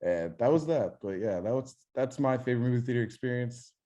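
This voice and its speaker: A young man co-hosting a podcast, telling animated stories in casual chat and swearing freely. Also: medium pitch, brisk. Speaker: podcast co-host.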